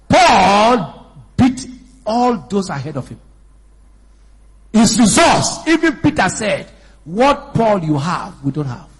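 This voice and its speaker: A man in his fifties preaching a sermon in church, swinging between shouted exhortation and chatty storytelling. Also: fairly high pitch, slightly rough. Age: 50s. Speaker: pastor.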